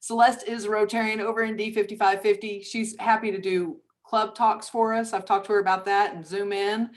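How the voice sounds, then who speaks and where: A woman organizer speaks on a video call in a friendly, organized way. She sounds informative and practical, with a mid-range pitch. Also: flat delivery, brisk. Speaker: Rotary organizer. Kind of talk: video call panel announcements.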